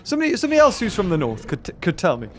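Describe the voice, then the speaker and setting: Chatty man, lively pitch. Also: rapid-fire, a little hiss or hum. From northern England. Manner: rambling and chatty, with many fillers and restarts. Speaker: gaming video host. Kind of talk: casual let's-play commentary.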